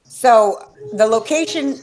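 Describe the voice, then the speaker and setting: A woman hosts a casual fan-chat podcast in a fairly high, slightly mellow voice, speaking slowly. She rambles and swears enthusiastically, often trailing off partway through sentences.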